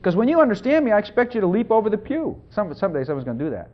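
A middle-aged man preaching an informal sermon in a folksy, animated way, often asking the congregation questions. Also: sits high, very fast. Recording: dull lo-fi sound.

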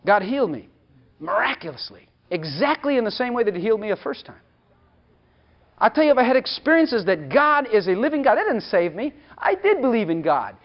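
High-pitched man preaching with lively swings. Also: a little fast. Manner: emphatic, rhetorical questions, acts out God's voice. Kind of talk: sermon. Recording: dull lo-fi recording.

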